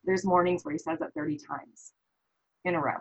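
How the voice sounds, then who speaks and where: A woman's voice: low-pitched, fairly quick, a crowd in the background, low-quality recording. A woman from the American Midwest, a guest on an interview show, telling a story animatedly and acting out what others said. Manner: animated, quotes others in lively voices. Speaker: guest, parent.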